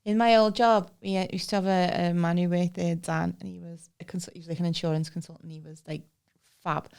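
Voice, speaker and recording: A woman's voice: fairly low pitch, brisk, vocal fry, smooth. A woman, co-hosting a podcast and telling funny stories in a casual chat, doing voices of the people in them. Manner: lively, animated impressions of people in her stories. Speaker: podcast co-host.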